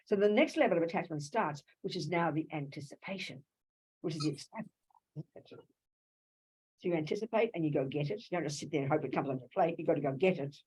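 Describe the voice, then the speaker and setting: Husky Australian woman giving a dharma talk. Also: lowish voice, poor audio. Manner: lively, conversational, full of rhetorical questions. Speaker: Buddhist teacher. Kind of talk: dharma talk to a live audience.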